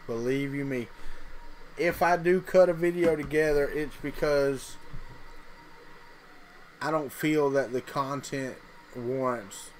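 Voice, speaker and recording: A man's voice: medium pitch, takes it slowly, pauses often, slight background noise, low-quality recording. A man with a Southern US accent, hosting a casual livestream and chatting folksily with viewers as he reads their comments. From Mississippi. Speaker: livestream host.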